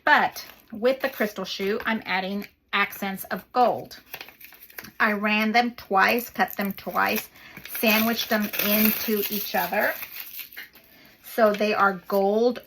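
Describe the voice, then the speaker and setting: A woman's voice: medium pitch, steady tone, slow, fairly bright tone, a little hiss or hum. A woman hosting a paper craft video, chatting casually as she works and gushing over the little details.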